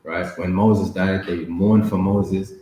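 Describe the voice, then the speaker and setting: A man with a low, deep voice talks through a Bible lesson and reads scripture in a measured way. The sound carries heavy echo from the room around him. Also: level tone, background noise. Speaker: Bible study co-host and reader. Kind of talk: casual Bible study teaching and scripture reading. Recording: echoey room.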